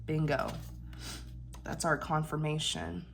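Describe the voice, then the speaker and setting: A woman with a nasal, congested voice giving a channeled tarot reading, gentle and reassuring with many fillers and restarts. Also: deep voice, completely flat delivery, slow pace, a little hiss or hum. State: unwell, congested. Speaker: tarot reader.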